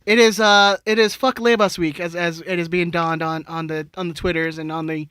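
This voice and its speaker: A man's voice: a little high, fairly even intonation, a little fast, bright, forceful tone, clean tone, no room sound, studio quality. A man co-hosting a casual podcast chat, joking and teasing. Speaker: podcast co-host.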